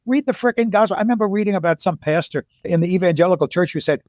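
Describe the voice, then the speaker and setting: Animated, joking high-voiced man. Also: very fast, no room sound, studio quality. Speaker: guest author. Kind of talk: casual interview.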